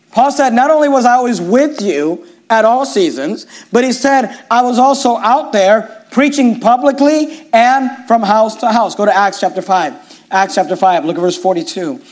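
A middle-aged man, a pastor, preaching a sermon with emphatic, repetitive phrasing. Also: high-pitched.

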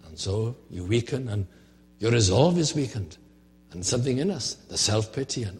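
A man's voice: fairly low pitch, animated, normal speed, a little mellow, a little hiss or hum. A man preaching a sermon, earnest and rhetorical, often asking questions of his listeners. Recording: long hall reverb.

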